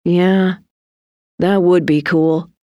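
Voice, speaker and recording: Deadpan storybook boy, flat and odd, voiced by a woman. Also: on the low side, extremely slow, no room sound, studio quality. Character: odd, cruel young boy.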